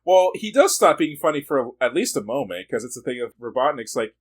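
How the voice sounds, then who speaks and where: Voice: mid-range voice, sing-song, brisk, hardly any pauses, breathy edge. Laid-back, laughing podcast co-host. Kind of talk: casual movie review chat.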